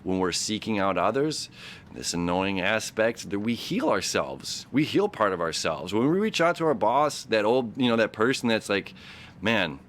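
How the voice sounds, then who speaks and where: A man hosting his own astrology channel, talking to his camera in a rambling, animated way full of "you know"s and restarts. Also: fairly low pitch, moderate pace, slight background noise. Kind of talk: casual motivational talk to camera. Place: his own recording spot, seated. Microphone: camera setup he operates himself.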